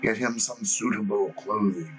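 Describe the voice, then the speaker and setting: A man voicing a gruff, bearded old man with a smooth accent who speaks low and stern. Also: normal speed, a bit bright, soft background music, close to an everyday voice, poor audio. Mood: decisive. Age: older. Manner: low, resigned, growling.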